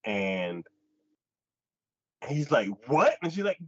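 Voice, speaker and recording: A man hosts a casual anime talk, recapping an episode with a very lively, swooping voice. He jumps up into the characters' lines as he acts them out. The sound is dry and dull, like a lo-fi recording. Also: medium pitch, a little slow, no echo. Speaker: anime podcast host.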